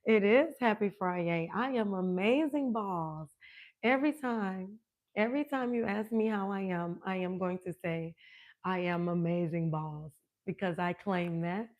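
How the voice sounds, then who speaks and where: An older woman and fitness coach chatting casually with viewers on a live stream, animated, laughing often and greeting people by name. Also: medium pitch, unhurried. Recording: dull lo-fi stream audio.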